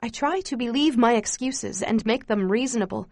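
A woman reading a first-person memoir aloud in a quiet, steady, grave storytelling voice. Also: fairly high pitch, normal speed, no echo, studio quality. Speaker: narrator.

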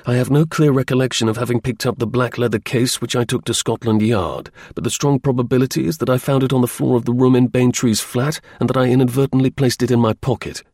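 A man reading the part of a blunt, restless young gentleman, in a clipped upper-class manner. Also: medium pitch, fairly even intonation, quick pace, few pauses, no echo, clean studio sound, close to an everyday voice.

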